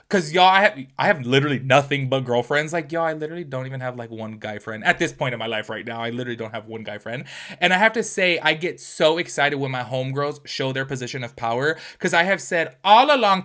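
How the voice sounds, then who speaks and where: A man hosting a reaction video, talking in a casual, gossipy way with lots of "like" and "y'all". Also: on the high side. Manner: animated, chatty, full of "like" and "y'all".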